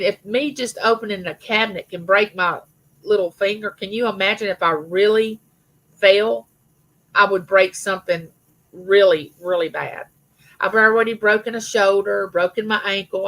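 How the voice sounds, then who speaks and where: A woman's voice: medium pitch, fairly bright tone, poor audio. A middle-aged woman hosting a casual live chat with her viewers, telling rambling personal stories. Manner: chatty, rambling storyteller, greets viewers by name. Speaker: livestream host.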